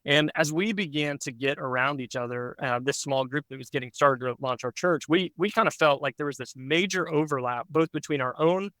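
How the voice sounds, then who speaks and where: A pastor speaking as a podcast guest, telling a story in an earnest, reflective way with frequent fillers. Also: male voice, on the high side, a little fast, hardly any pauses, fairly bright tone, dry recording.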